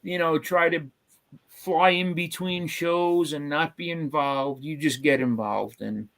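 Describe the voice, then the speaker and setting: A man's voice: fairly high pitch, steady tone, takes it slowly, a bit bright. A man hosting a casual live-stream chat, rambling with lots of fillers. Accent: New York. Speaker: host.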